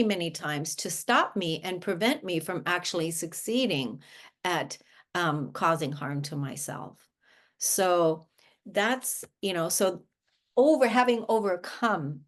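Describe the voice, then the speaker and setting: A woman guest, a life coach, speaking earnestly in a conversational interview, often restarting her sentences. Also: lowish voice. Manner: earnest, with frequent restarts and filler words.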